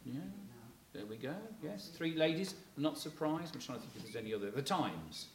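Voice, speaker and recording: A man's voice: mid-range voice, animated, brisk. Man telling rambling stories in an echoey room. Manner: rambling and chatty, full of fillers like "you know, kind of thing"; chuckles while telling stories. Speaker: speaker addressing a local audience. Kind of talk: anecdotal public talk. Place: room with a live audience. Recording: echoey room, faint noise.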